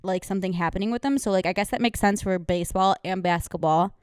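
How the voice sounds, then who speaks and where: A woman's voice: medium pitch, fast, a little mellow, clean tone, dry recording, studio quality. A woman co-hosting a podcast in casual chat, laughing often and quoting people in playful voices. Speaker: podcast co-host.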